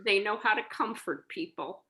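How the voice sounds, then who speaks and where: A woman's voice: medium pitch, normal speed, pushed and bright, low-quality recording. A woman volunteer speaking earnestly on a video call about her visits with therapy dogs. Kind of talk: casual storytelling on a video call.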